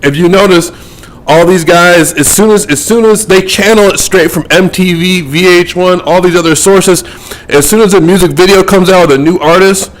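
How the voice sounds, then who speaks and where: Speaking to camera, a man describes his work as a metaphysical mentor in a casual, rambling monologue, repeating words as he thinks. His voice sits high and moves at a moderate pace, and the recording is low quality.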